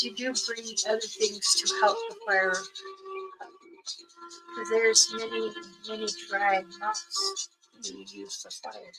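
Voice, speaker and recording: A woman elder telling a rambling spiritual story on a livestream, her voice jumping suddenly up in pitch. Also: rough recording. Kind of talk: casual spoken storytelling on a livestream. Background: music.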